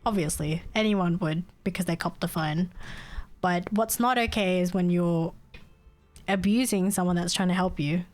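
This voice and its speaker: A woman's voice: fairly low pitch, fairly even intonation, normal speed, soft background music. Young aussie woman ranting on stream, laughs a lot, swears, fed up. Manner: exasperated venting, laughs often, swears. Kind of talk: casual chat with stream chat.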